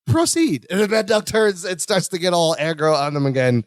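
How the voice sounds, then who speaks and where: Man, high voice, podcast co-host, amused, laughs often, dry close mic. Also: animated, a little fast, no room sound. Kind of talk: casual chat recapping a sitcom episode.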